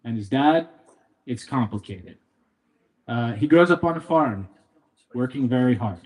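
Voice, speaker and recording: A young man from Canada stands up at a memorial gathering and tells stories about his father. His voice sits in an ordinary middle pitch, and his delivery is playful and joking while staying openly emotional. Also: expressive, unhurried, darkish tone. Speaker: son giving a eulogy. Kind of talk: memorial speech with storytelling.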